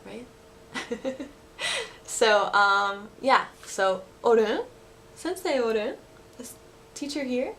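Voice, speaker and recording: A woman's voice: medium pitch, fairly bright tone, slight background noise. A woman giving a casual video lesson on dialect phrases, chatty and giggly, with lots of fillers. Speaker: language vlogger teaching dialect phrases.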